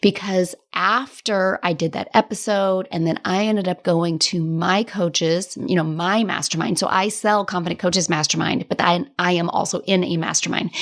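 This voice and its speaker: A woman hosting her own coaching podcast, talking casually and directly, with a chatty, animated delivery and frequent laughs. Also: fairly low pitch. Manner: tough-love directness, casual swearing. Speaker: podcast host and business coach. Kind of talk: casual solo podcast talk.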